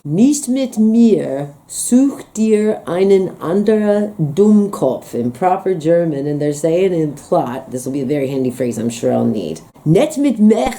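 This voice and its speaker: A woman's voice: fairly low pitch, sing-song, a little slow, few pauses, mellow. An American woman, a young adult, talking casually in a vlog as she reads out phrases and reacts to them with amused disbelief. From United States. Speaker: vlogger. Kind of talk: casual language-learning vlog.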